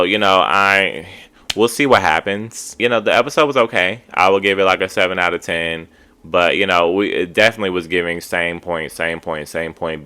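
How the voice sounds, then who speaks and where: A man with a deep, low-pitched voice and a sharp, forceful edge to his tone. He gives a casual, opinionated recap of a show, chatty and full of "like" fillers. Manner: chatty, opinionated, heavy use of "like". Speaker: TV recap host.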